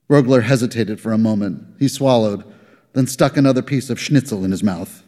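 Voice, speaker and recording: A man giving a live literary reading with measured, dry storytelling, recorded live in a reverberant hall. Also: lowish voice, warm tone. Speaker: reader.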